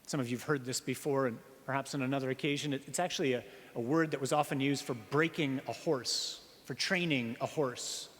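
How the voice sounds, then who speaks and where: A priest giving an earnest sermon, slowing down on key phrases and asking the listeners rhetorical questions. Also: male voice, mid-range voice, fairly even intonation, a bit bright. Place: church. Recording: reverberant church hall.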